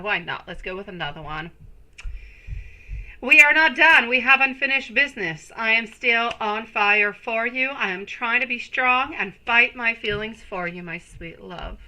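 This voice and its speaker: Slow, bright-voiced woman tarot reader. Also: a little high, slight background noise, poor audio. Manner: slow, soothing, affectionate toward viewers. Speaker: tarot reader hosting a live stream. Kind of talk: live-stream tarot reading.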